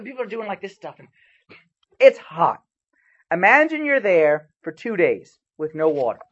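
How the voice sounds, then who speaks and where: A husky-voiced man delivers a sermon, his storytelling animated, jumping from loud, punchy exclamations to low asides. The recording is dull and lo-fi. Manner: animated storytelling with sharp swings in loudness. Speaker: preacher.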